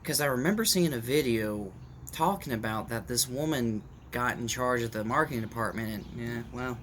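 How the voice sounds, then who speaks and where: A man's voice: mid-range voice, moderate pace, fairly bright tone, a little hiss or hum. A man talking casually to his viewers in a rambling opinion rant, with restarts and asides, recorded at home on a camera mic. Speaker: vlogger. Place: at home in the morning, dog nearby.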